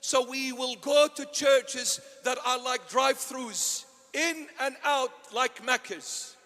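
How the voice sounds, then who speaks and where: A man, a bishop, preaching an impassioned sermon that swings between loud and hushed. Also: very high voice, slow pace. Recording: long hall reverb.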